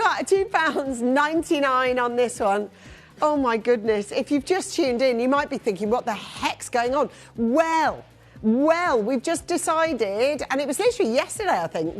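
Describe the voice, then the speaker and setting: Woman, live shopping presenter, upbeat, chatty, higher voice, faint music behind. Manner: chatty, upbeat, rattles off prices and buyer names. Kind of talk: live TV selling.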